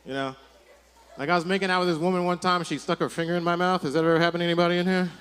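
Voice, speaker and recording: A man doing a stand-up comedy set for a live audience, telling animated stories and tagging his lines with "right?". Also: high-pitched, rapid-fire.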